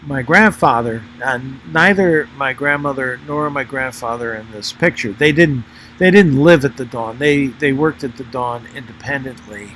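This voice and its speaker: An older man talking through old photographs and his memories, pausing often, with many fillers and restarts. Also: mid-range voice, fairly bright tone, slight background noise, low-quality recording. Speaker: former member narrating a history video. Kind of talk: unscripted spoken commentary over photos.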